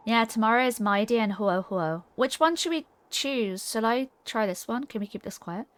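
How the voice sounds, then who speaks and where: A woman's voice: on the high side, normal speed, dry recording. A woman streamer chatting casually and rambling while playing a game, reading her chat aloud.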